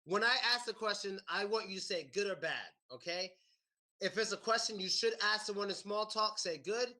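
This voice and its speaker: High, bright-voiced American man teaching class. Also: moderate pace. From United States. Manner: animated, repeats questions to a live class. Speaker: English teacher. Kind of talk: classroom lesson.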